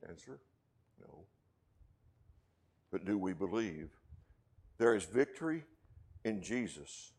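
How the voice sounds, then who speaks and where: A man with a West Texas accent preaching a sermon, dropping to hushed low lines and rising to loud, slowed emphatic peaks. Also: sing-song, husky. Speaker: pastor.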